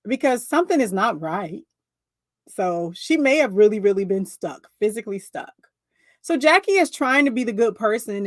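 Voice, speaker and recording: A young woman giving sassy, casual commentary on a reality show, animated and laughing often. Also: medium pitch, no echo.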